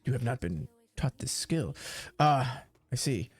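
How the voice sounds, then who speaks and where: A man voicing a broad-shouldered, booming male high commander of zealot warriors, with hearty laughs and grand archaic speech. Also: lively intonation, a little slow, gravelly, husky, full character voice. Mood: flustered.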